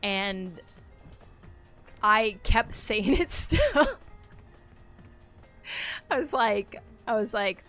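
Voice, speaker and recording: Chatting casually on a game live stream, a woman rambles, laughs a lot, and reacts aloud to what happens in the game. Her voice is a little high and a bit bright, and she speaks slowly with long pauses while soft music plays underneath.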